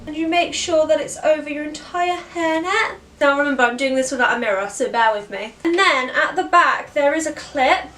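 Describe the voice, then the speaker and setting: A British woman with a high, bright voice, chatting through a costume tutorial step by step. She is recorded in a roomy room at home. She stands a little back from the mic. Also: moderate pace, few pauses, recorded from a distance. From Britain. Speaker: costume character performer. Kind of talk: tutorial narration.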